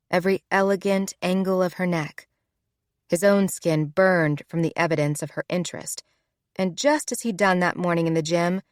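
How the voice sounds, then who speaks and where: A woman narrating a romance audiobook in a smooth, measured reading. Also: lowish voice, dry recording, clean studio sound. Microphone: close studio mic.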